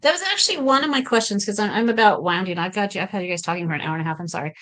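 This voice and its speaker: A woman's voice: mid-range voice, animated, very fast, a bit bright. Friendly woman asking questions. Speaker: podcast guest. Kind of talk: casual chat.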